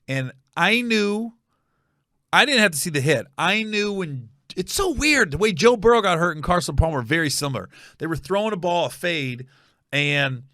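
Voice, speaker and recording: A man hosting a comedy podcast, telling a funny story with animated energy and loud reenactments. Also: no room sound, clean studio sound. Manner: animated storyteller, bursts into high shouted yelling when reenacting.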